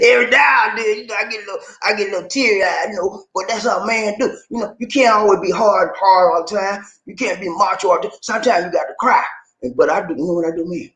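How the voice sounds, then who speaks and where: A man's voice: high-pitched, quick pace, fairly bright tone. A man hosting a casual dating advice video, playful and hyping up his viewers with repeated phrases. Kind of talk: casual hyped video talk. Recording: echoey room.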